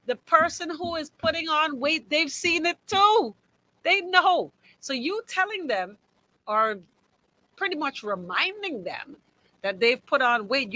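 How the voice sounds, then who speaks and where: Bright-voiced Bahamian woman radio host. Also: mid-range voice, low-quality recording. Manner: emphatic and conversational, reads listener comments aloud. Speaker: radio talk show host. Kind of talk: call-in talk show monologue. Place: radio studio. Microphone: studio microphone.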